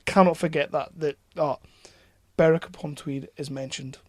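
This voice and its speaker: A man, co-hosting a casual film podcast, excitable and swearing freely. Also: fairly high pitch, normal speed, dry recording, studio quality. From North East England. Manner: excitable, swears freely, laughs while talking. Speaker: podcast co-host.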